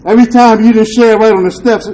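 High-voiced man sharing candid testimony. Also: steady tone, brisk, dark tone, a little hiss or hum, low-quality recording. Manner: loose street slang and swearing, often asks "you dig?"; earnest and confessional, with rueful laughs. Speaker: speaker sharing at a recovery meeting.

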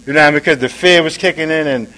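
Rapid-fire and casual, a man shares at a recovery meeting, tagging his lines with "man," "right?" and "you dig?" He swings between soft and low and loud and emphatic, on a low-quality recording.

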